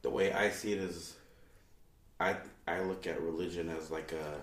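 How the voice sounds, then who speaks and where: Deep-voiced man, blunt casual talk. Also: steady tone, moderate pace, distant mic, slight background noise. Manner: blunt, profane, plain-spoken. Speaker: podcast guest. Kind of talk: casual chat. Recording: echoey room, away from the mic.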